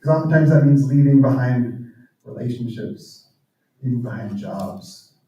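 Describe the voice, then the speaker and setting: A man's voice: mid-range voice, unhurried, warm tone, muffled recording. Earnest man speaking in an echoey hall. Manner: earnest, drops to near-whispers on emotional points. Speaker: guest speaker and author. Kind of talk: reflective church talk. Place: church hall. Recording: very echoey room, speaker far from mic.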